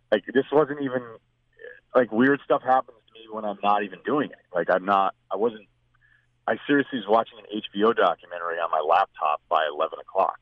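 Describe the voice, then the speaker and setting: A male guest on the show rambles through a long, casual anecdote, acting out what people said, in a lowish voice. The recording is dry and has a tinny phone-line sound.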